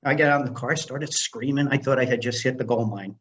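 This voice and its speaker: A man's voice: mid-range voice, brisk. An older man, a film director and screenwriter, telling stories as a guest in a casual interview and acting out the dialogue. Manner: animated storyteller who acts out dialogue.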